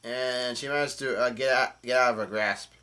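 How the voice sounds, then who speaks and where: A man's voice: medium pitch, fairly even intonation, normal speed, bright, forceful tone, clear, resonant tone. A man casually recapping a comic chapter, rambling with many fillers and restarts. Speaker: channel host.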